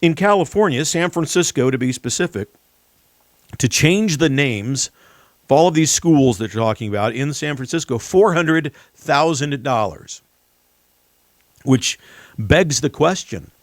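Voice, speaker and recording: A man's voice: a little high, expressive, measured pace, no room sound. A man hosting a political commentary show, talking emphatically and addressing the audience directly. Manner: emphatic, repeatedly addresses "ladies and gentlemen". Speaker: talk show host.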